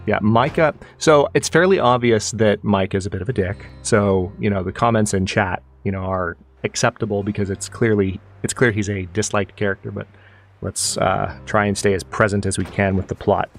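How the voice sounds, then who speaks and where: A man's voice: fairly low pitch, steady tone, normal speed, faint music behind. A man streaming a video game, chatting casually with his viewers and reacting as he plays. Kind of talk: casual live-stream commentary.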